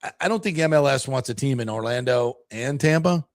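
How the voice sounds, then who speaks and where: A man hosting a sports talk show, rambling through casual chat. His voice has a gravelly edge and sounds close and dry in the studio. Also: medium pitch, fairly quick, no room sound. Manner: rambling, chatty, frequent fillers.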